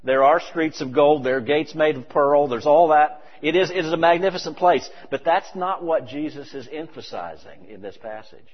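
A man preaching a sermon, animated and emphatic with conversational asides. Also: a little high, moderate pace, hardly any pauses. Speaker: pastor. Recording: dull, reverberant hall recording.

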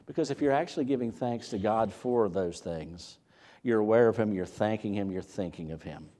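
A man preaching a sermon as pastor, animated, asking rhetorical questions and repeating words as he builds his point. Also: lowish voice, moderate pace.

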